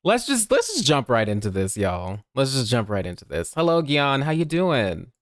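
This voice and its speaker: A man's voice: mid-range voice, wildly swooping pitch, moderate pace, no echo, clean studio sound. A man hosting a casual game livestream who greets viewers by name and laughs often. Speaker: game streamer.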